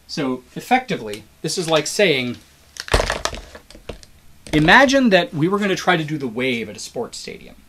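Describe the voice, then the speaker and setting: A man's voice: on the high side, normal speed, long pauses, a little hiss or hum. A man giving a recorded biology lecture, explaining step by step and acting out a crowd doing the wave, encouraging to his students. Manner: animated, acts out cheering crowd voices in examples.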